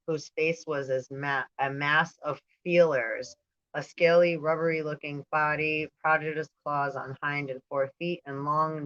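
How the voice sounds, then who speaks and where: A woman's voice: low voice, fairly bright tone. Woman reading aloud with a dull sound. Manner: reads aloud, stumbles on words, laughs and digresses. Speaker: spiritual channel host. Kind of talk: casual reading and commentary.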